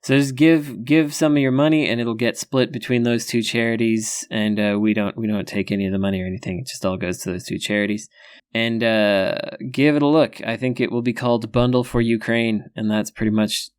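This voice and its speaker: A man's voice: mid-range voice, fairly even intonation, brisk, smooth. A man on a game podcast panel, speaking earnestly in a casual chat.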